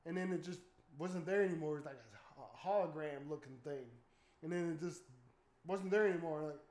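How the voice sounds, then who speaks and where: A man chatting casually at home as a streamer, telling stories animatedly with loud startled outbursts and swearing. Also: on the high side, brisk. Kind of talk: casual chat. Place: home room. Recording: echoey room.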